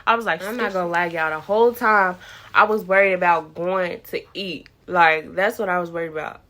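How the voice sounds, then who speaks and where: A woman's voice: fairly low pitch, steady tone, fairly quick, bright, forceful tone. A young woman vlogger telling a personal story in a chatty, casual way, repeating words and acting out what people said.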